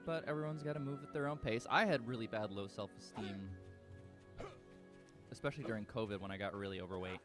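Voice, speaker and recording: A man's voice: fairly low pitch, fast. A man chatting casually on a live game stream, rambling through stories and swearing now and then. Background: game music.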